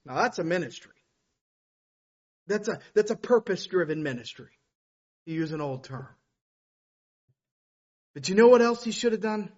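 A man preaching a sermon with passion, swinging from loud exclamations to hushed storytelling. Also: high voice, expressive, normal speed, long pauses. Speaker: pastor. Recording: dull lo-fi recording.

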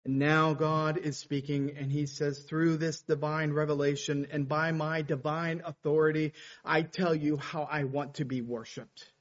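A man's voice: a little high, little pitch movement, unhurried, lo-fi sound. A man preaching a sermon, explaining scripture and reading Bible quotes with rising intensity.

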